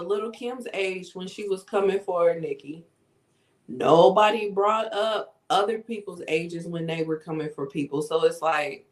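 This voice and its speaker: A woman co-hosting a podcast, giving emphatic, profane commentary in a casual chat. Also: fairly low pitch. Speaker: podcast co-host.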